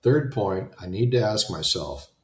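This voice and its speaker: A man's voice: deep voice, animated, measured pace, roomy sound. A man giving an unscripted motivational talk, rambling and conversational, often restarting his sentences. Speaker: self-help talk host.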